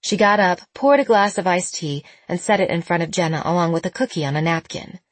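A woman narrating an audiobook in a measured, expressive reading. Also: lowish voice, no room sound.

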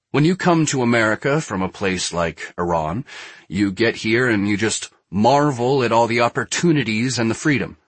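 Low, husky man reading a foreword. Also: a bit bright, dry recording. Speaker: foreword writer.

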